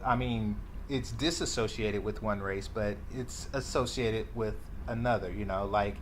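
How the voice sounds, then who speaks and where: A man's voice: fairly low pitch, slight background noise. A man hosting a reaction video, giving sarcastic, rambling commentary full of fillers. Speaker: commentary channel host.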